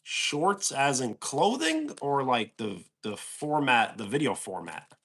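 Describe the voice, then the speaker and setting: A man's voice: mid-range voice, very animated, takes it slowly, a bit bright, breathy edge. A man with a New York accent, chatting casually on a livestream and answering viewers' comments. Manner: easygoing, answers chat questions aloud. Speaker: livestream host.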